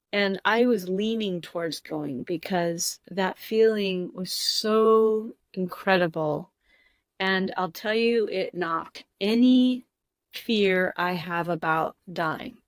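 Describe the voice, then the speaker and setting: Tearful woman telling a heartfelt story, slowly. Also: mid-range voice, no room sound. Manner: halting and heartfelt, with many pauses and restarts. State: tearing up. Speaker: podcast guest. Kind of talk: personal storytelling in a podcast interview.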